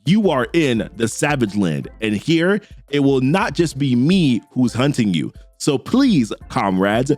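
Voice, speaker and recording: A man voicing a menacing adult male big-game hunter villain, taunting in a slow, deliberate way. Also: mid-range voice, sing-song, darkish tone, soft background music.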